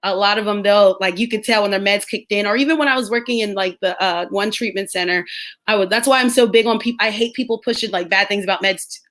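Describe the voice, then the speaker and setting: Bright, chatty woman live streamer. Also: mid-range voice, fairly even intonation, fast talker. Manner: chatty, laughs often, drifts between topics while reading chat. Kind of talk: casual live stream chat.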